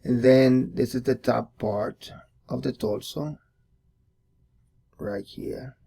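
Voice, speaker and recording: A man's voice: medium pitch, slow pace, creaky, dark tone. A man hosting a casual drawing tutorial, thinking aloud and repeating words as he sketches. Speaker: art tutorial host.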